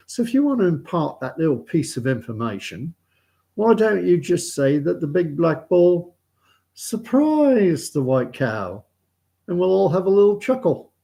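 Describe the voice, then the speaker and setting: A man's voice: high-pitched, creaky, mellow, voice pushed up, full character voice. A man voicing a plain-spoken old farmer with a put-on Northern English accent, talking in a patient, coaxing way.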